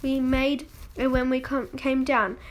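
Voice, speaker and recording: An earnest, kind young boy, read aloud by a woman. The storybook voice is high and plain. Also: level tone, unhurried.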